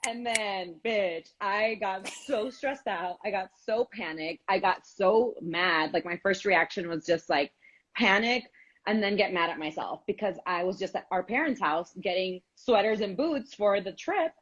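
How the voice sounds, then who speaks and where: A woman co-hosting a casual live stream, telling a candid, animated story with some swearing. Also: medium pitch, unhurried, lo-fi sound. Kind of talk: casual chat.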